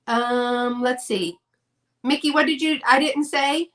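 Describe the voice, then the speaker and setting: A woman's voice: sits high, fairly even intonation, takes it slowly, a bit bright. A woman hosting a casual live-stream sale, chatty and gushing over her items.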